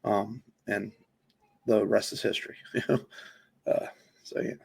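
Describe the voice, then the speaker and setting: A man's voice: fairly low pitch, little pitch movement, slow, vocal fry, breathy edge. A man co-hosting a podcast, chatting casually about films in a rambling way, with lots of fillers and restarts. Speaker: podcast co-host. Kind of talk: casual film chat.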